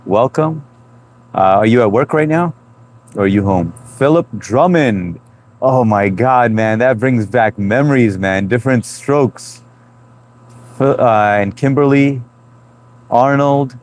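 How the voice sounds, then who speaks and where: A man's voice: medium pitch, measured pace. A man in his thirties hosting a live stream, chatting loosely and greeting viewers by name. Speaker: livestream host reading chat. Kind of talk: casual live chat.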